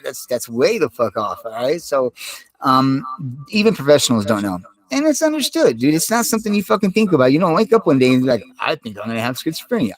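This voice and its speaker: A man's voice: mid-range voice, poor audio. A young man recorded on a desktop microphone at home, talking in a rambling, profane, streetwise way and calling the listener "dude.". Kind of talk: casual monologue vlog. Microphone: desktop USB microphone.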